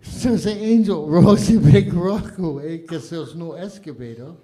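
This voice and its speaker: A man's voice: a little high, unhurried, dark tone, close to an everyday voice. A man playing an earnest guy patiently explaining a story step by step.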